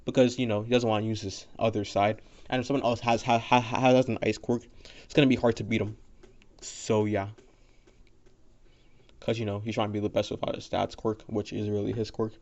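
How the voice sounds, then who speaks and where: A man's voice: lowish voice, flat delivery, a little fast, a little mellow. A man casually retelling a fan story in a rambling, profane way, full of fillers and restarts. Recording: dull lo-fi audio.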